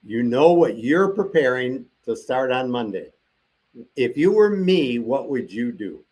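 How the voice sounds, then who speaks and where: A man's voice: mid-range voice, very animated, unhurried, darkish tone. An older man as an interview guest, telling a long personal story and acting out the voices of the people he quotes.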